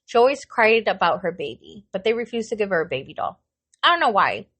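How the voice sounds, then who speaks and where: A woman co-hosting a podcast, telling a story in animated, casual chat and swearing freely. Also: mid-range voice, fairly quick, slightly rough. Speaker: podcast co-host.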